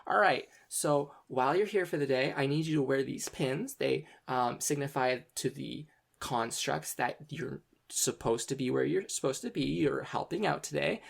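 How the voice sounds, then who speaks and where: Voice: mid-range voice, moderate pace, gravelly, slightly rough. A game master voicing a polite, flustered woman librarian who talks hesitantly with many ums. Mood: polite, fussy.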